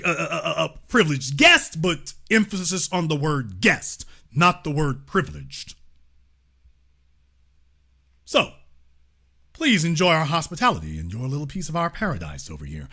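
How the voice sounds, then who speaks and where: A man's voice: high-pitched, very animated, pushed and bright, voice pushed down, full character voice. A man voicing a smug wealthy local who politely lectures a rich foreign man on who owns the land. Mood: mock-polite. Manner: mock-polite, condescending, slow.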